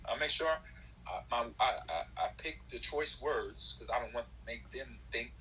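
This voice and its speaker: Bright, animated storytelling man. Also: medium pitch, normal speed, a little hiss or hum, poor audio. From Los Angeles. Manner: acts out quotes of others, laughs often. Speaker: guest, former football player.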